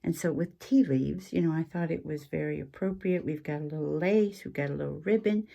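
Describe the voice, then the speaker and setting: Woman host, low mellow voice, chatty craft walkthrough with ums. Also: a little fast, gravelly, lo-fi sound. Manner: chatty, rambling, with frequent ums and asides. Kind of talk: casual craft show-and-tell chat.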